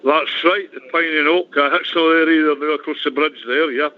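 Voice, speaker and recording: A Scottish man in his sixties reminisces fondly on a call-in show, his voice a little high for a man. He comes through a thin, tinny phone line. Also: fairly even intonation, brisk. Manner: nostalgic, warm-hearted reminiscing. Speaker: caller. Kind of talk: casual call-in chat.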